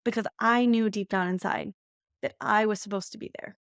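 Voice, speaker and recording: A woman's voice: medium pitch, fairly even intonation, fairly quick, clear, resonant tone, dry recording, studio quality. A woman, hosting a podcast and candidly telling a personal story, laughing often as she talks. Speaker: podcast host.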